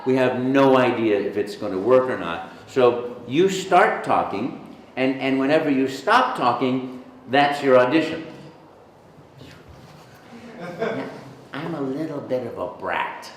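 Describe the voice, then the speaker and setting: A man in an interview at a convention, telling stories in an animated, jokey way. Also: mid-range voice, slow, long pauses, roomy sound, a little hiss or hum. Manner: animated, jokey storyteller, breaks into voices. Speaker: voice actor, interview guest. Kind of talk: casual storytelling interview. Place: convention venue.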